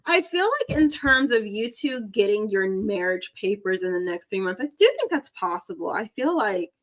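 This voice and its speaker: On her live stream, a young woman reads tarot in a chatty, giggly, self-deprecating way, with a light Southern drawl. She works as a psychic reader and sounds very animated at medium pitch and normal speed, though the audio quality is poor.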